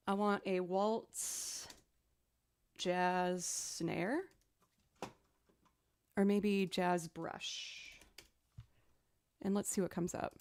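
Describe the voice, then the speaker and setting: A young woman musician chatting casually as she builds a music loop, thinking out loud and making fun of her own mistakes. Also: medium pitch. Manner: chatty, thinks aloud, self-deprecating. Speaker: musician streamer. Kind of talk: casual chat while producing music. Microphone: studio mic.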